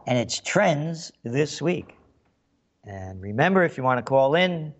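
Slow, sarcastic male radio host. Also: medium pitch, very animated, highs cut off. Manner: sarcastic, facetious commentary. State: frog in throat, coughing. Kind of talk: talk radio monologue.

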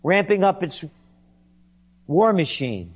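A man's voice: sits high, very animated, takes it slowly, dull audio. A man delivering a sarcastic, indignant political monologue, mocking and scornful as he rants. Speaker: commentator.

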